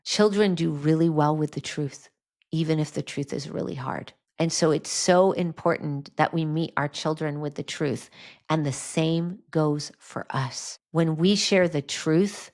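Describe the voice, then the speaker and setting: A woman's voice: low voice, unhurried, darkish tone. A middle-aged woman hosting a faith-based podcast, talking earnestly about trauma and healing through personal stories. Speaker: podcast host.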